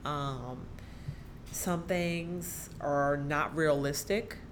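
A woman's voice: sits low, very slow, noisy background. A woman, a special education teacher speaking as a podcast guest, talking animatedly and laughing often. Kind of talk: conversational podcast interview.

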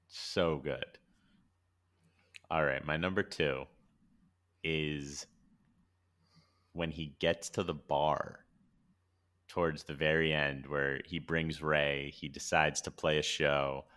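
A man's voice: rumbling low, steady tone, slow pace, pauses often, a bit bright. A man co-hosting a podcast in casual chat, laid-back, laughing often and swearing freely. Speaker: podcast co-host.

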